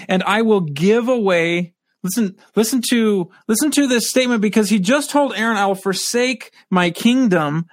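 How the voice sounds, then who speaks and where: Guy teaching a scripture class, reads verses then explains, kinda high voice. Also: no echo, studio quality. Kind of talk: scripture study lesson.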